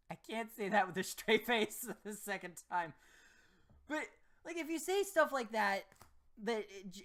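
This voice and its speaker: A man's voice: a little high, a bit bright. A man talks through a casual vlog as a gaming YouTuber. He rambles, stops and restarts his sentences, and chuckles at his own slips of the tongue.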